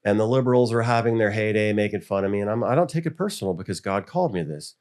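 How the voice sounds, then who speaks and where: A man's voice: fairly low pitch, fast talker. A middle-aged American man, a school board member, telling stories in a casual interview and acting out the voices he quotes. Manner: animated, acts out quoted voices.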